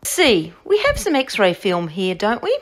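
A woman voicing a kind, cheerful female nurse at a vet's office, speaking in a bright, sing-song, reassuring way. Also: mid-range voice, wildly swooping pitch, measured pace.

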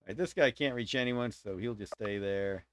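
A man's voice: on the low side, normal speed. A man casually commentating a strategy game as he plays, explaining his moves and voicing playful sound effects for attacks. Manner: thinks aloud while explaining strategy. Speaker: game streamer.

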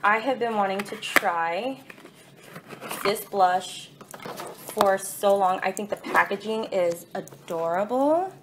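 A young woman gushing excitedly as she unboxes gifts in her home kitchen, filming on a phone in one hand and apologizing as she fumbles. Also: medium pitch, slow, noisy background. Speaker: vlogger. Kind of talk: casual unboxing vlog. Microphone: phone held in one hand.

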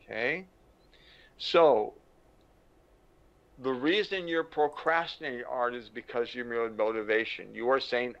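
An older man teaches with lively anecdotes and acts out the voices of people in his stories. His voice sits mid-range with a gravelly fry. The audio is dull and lo-fi. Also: medium pitch, unhurried. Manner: animated storyteller, acts out quotes. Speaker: motivational speaker. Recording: dull lo-fi recording.

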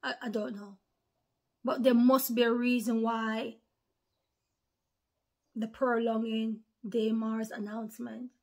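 A woman with a slightly high voice, preaching in an earnest, informal way to followers online. She repeats key phrases and calls her listeners brothers and sisters. Her delivery drops to near whispers, then rises to forceful lines. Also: level tone, slow, long pauses.

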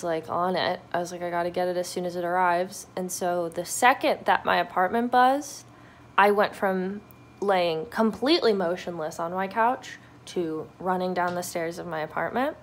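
Bubbly young woman unboxing albums. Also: on the low side. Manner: bubbly, excitable, chatty with frequent laughs. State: out of breath. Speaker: vlogger. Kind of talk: casual unboxing vlog. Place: apartment.

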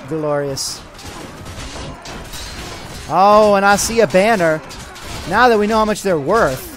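A man's voice: high voice, takes it slowly, soft background music. A man hosting a let's play, commenting on his game with light roleplay and giving orders to his troops. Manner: animated, excitable, gives orders to troops. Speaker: gaming channel host.

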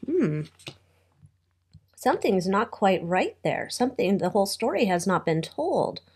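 A woman's voice: medium pitch, big pitch swings, measured pace, darkish tone, husky. Chatty woman doing a tarot reading. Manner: chatty, wry asides, trailing off mid-thought. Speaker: tarot reader.

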